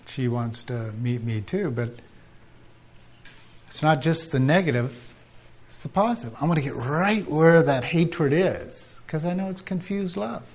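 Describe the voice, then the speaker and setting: A man preaching at a conference, animated and acting out quoted voices, sometimes dropping to a whisper. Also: fairly high pitch, unhurried. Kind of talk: conference sermon.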